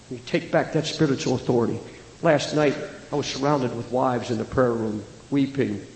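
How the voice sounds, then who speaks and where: A man preaching a fiery sermon to a church congregation, with an impassioned delivery that swings from hushed to loud. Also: mid-range voice, fairly even intonation, normal speed. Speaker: traveling preacher. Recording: echoey hall with long reverb.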